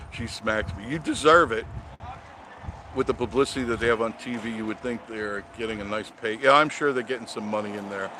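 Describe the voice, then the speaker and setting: A man hosting a casual live stream, telling rambling stories, chuckling and answering viewer comments. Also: on the low side. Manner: rambling storyteller, chuckles often. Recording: audible background noise.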